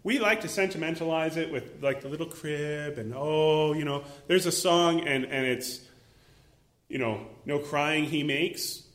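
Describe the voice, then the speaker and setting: A man preaching a sermon as a pastor, animated, acting out little voices and exclaiming as he goes. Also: a little high, measured pace, reverberant.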